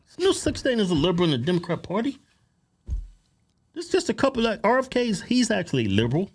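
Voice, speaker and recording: A man co-hosting a comedic political talk show, teasing and correcting his co-host with loud bursts of laughter. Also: high-pitched, very animated, quick pace.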